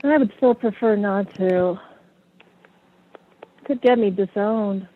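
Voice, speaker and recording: A woman's voice: mid-range voice, takes it slowly, phone-quality sound, slight background noise. A woman in her forties, a guest on a call-in radio show, answering callers hesitantly and laughing between phrases.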